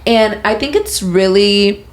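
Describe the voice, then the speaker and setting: A woman's voice: medium pitch, slow. A woman co-hosting a podcast in casual chat, gossiping bluntly and swearing freely. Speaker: podcast co-host.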